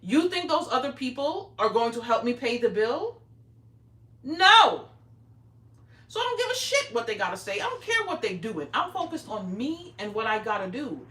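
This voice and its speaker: Sing-song and fairly quick, with a bright tone on the high side, this middle-aged woman livestreams from her home craft room. Her casual crafting chatter is bossy, crude and teasing. She speaks far from the mic in an echoey room.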